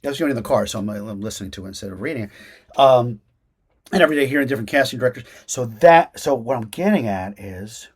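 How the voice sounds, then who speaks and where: A man, an actor and acting teacher, giving casual interview answers over a video call, talking in an animated way with many restarts and fillers. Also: mid-range voice, quick pace, husky.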